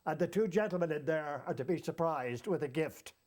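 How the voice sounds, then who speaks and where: A male storyteller spinning a funny travel yarn, his voice sitting high for a man. He tells it in a lively way and chuckles at his own tale as he goes. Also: brisk. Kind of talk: comic anecdote told to an audience.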